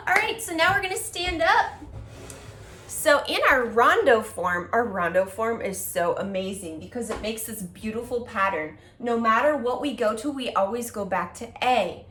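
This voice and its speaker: A woman's voice: a little high, animated, moderate pace, fairly bright tone, echoey room, a little hiss or hum. A woman teaching a music lesson to young children, with an encouraging, sing-song delivery that breaks into rhythmic chants.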